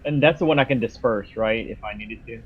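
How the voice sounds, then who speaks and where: A man's voice: mid-range voice, fairly quick, slightly rough, phone-quality sound. A man in a game raid who chats casually and asks tactics questions, stumbling over his words. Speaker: raid member. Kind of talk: casual voice chat while gaming.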